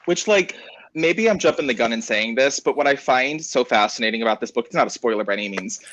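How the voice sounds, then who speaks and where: A man's voice: mid-range voice, fast, dry recording, highs cut off. Chatty man in a book chat. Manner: animated, chatty, lots of "like". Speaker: book club panelist. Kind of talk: casual book discussion.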